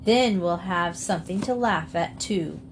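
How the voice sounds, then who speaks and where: A woman's voice: lowish voice, unhurried, slight background noise. A woman voicing a bold male farm dog who speaks firmly and teasingly, in a storybook reading.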